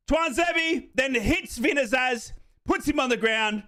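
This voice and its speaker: Male fan host calling a match live, high bright voice, swings to shouting. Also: unhurried, few pauses. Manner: excitable, bursts into shouting celebrations; reads out viewers' names and answers them. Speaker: host of a live football watchalong.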